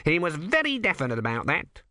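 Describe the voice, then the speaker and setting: A man doing a fussy, high-voiced official. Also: huge pitch swings, fairly quick, pushed and bright, no room sound, clean studio sound, full character voice. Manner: fussing, hesitant, with "mm" fillers. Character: fussy anxious male temple official.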